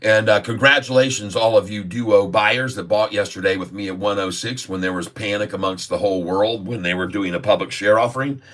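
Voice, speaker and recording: A man hosting a casual stock-trading livestream, excitable, with whoops, laughs and rhyming banter. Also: lowish voice, brisk, hardly any pauses. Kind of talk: casual livestream market commentary.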